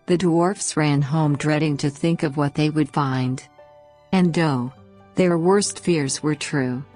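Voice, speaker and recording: A woman narrating a bedtime fairy tale in a slow, gentle, expressive reading. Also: deep voice, soft background music. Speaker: storyteller.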